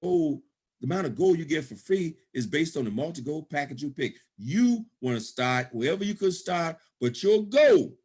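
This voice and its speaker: A middle-aged man, presenting a business opportunity on a call, emphatic and repetitive, checking in with "okay?" often. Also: mid-range voice. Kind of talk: sales pitch on a conference call.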